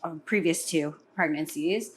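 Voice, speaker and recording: A woman guest chatting casually, calm and measured with frequent fillers. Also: sits low, slight background noise. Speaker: panel guest. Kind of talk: casual chat.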